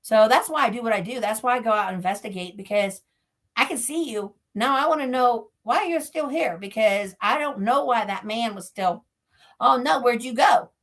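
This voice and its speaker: A woman's voice: fairly high pitch, moderate pace, fairly bright tone. Chatty, laughing woman storyteller. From Pennsylvania. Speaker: guest, paranormal investigator. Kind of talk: casual interview chat.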